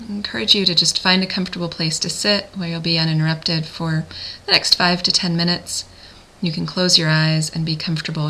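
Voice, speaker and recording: A woman working as a parent coach, guiding a listener through a visualization in a gentle, slow, soothing way. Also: fairly low pitch, vocal fry, poor audio. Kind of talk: guided visualization.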